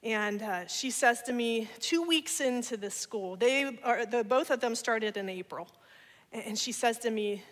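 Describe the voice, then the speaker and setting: A woman giving an energetic church talk, sharing personal testimony with laughter and playful asides. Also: a little high, unhurried. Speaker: guest speaker. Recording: long church hall reverb.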